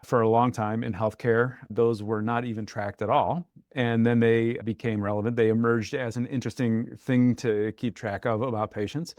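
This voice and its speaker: A man appearing as a guest on an interview podcast, explaining technical points in a measured, orderly way. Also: medium pitch, flat delivery, darkish tone, no room sound. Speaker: guest, software architect. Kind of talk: interview answers.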